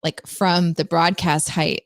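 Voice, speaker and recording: A woman's voice: lowish voice, little pitch movement, slow pace, gravelly, no room sound, studio quality. A woman co-hosting a casual podcast chat, telling stories and laughing often. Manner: chatty, laughs often, storytelling. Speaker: podcast co-host.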